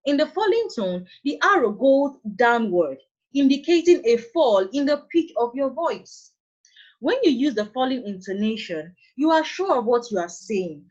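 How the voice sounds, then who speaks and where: A woman with a Nigerian accent teaching an English lesson, speaking deliberately and repeating key phrases. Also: fairly high pitch, a little mellow. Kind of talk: classroom lesson on intonation. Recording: dull lo-fi recording.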